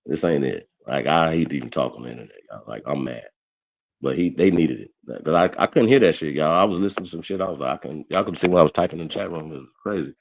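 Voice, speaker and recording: A man with a very low voice runs a livestream roast, ranting and cursing. He repeats himself constantly, his volume rising and falling as he gets worked up. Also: fast, vocal fry. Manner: loud, ranting, repeats himself, swears a lot. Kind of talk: heated profane livestream rant.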